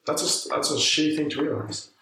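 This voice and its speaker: A man co-hosting a podcast, chatting casually and swearing freely as he tells animated stories. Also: fairly high pitch, brisk. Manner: profane, animated storytelling. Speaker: podcast co-host. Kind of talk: casual chat. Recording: roomy, far from the mic, faint noise.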